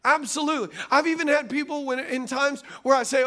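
A middle-aged man preaching a sermon as pastor, animated and conversational, with asides to the congregation. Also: very high-pitched, brisk, hardly any pauses.

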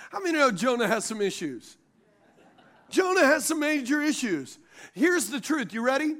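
Delivering a sermon at normal speed in an extremely high voice, this pastor is animated, tossing call-and-response questions to the congregation and chuckling at the stories he tells.

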